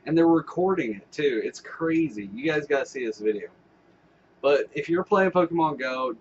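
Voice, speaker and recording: A man's voice: fairly high pitch, expressive, normal speed, dull audio, slight background noise. A man talking casually to camera as a vlogger, rambling and swearing with laughing asides. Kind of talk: casual vlog commentary.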